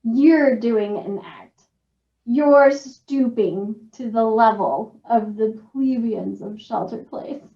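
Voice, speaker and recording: A woman's voice: fairly high pitch, takes it slowly. A woman playing a snide, spoiled adult daughter of a rich man, drawling her sarcastic, condescending lines. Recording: dull distant echoey mic.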